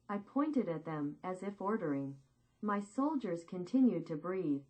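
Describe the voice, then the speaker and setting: Brief: woman narrator, first-person war memoir, measured and grave delivery, average pitch. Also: expressive, lo-fi sound.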